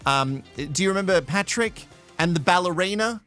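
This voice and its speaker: A man's voice: high voice, animated, normal speed, bright, forceful tone, soft background music. A man from Australia hosting a live show from home in playful, teasing casual commentary. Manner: chatty, playful, teasing, laughs often. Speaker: host.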